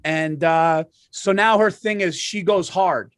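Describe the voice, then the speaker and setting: A man co-hosting a podcast, telling animated comedic stories with lots of swearing and restarts. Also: a little high, takes it slowly, no echo, studio quality. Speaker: podcast co-host. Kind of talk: casual comedic chat.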